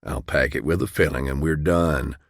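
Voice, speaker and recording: Man narrator playing a cheerful, low-voiced small-town dentist; matter-of-fact, dry studio read. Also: normal speed, no room sound. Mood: reassuring.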